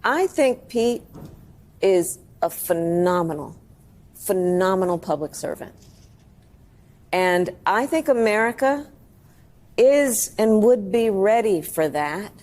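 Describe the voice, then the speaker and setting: A woman's voice: medium pitch, expressive, slow, long pauses, darkish tone. A woman being interviewed about her book, hesitant and candid, with ums. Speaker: author interviewed. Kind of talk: interview answers.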